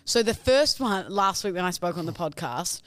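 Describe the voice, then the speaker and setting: A woman with a New Zealand accent, co-hosting a podcast and telling animated, teasing stories in casual banter. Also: on the low side, normal speed. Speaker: podcast co-host.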